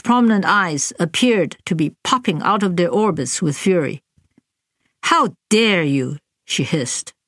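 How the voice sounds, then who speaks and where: Woman narrator for a memoir audiobook: slow and deliberate, lowish voice, dry close recording. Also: dry recording. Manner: measured, deliberate, even delivery.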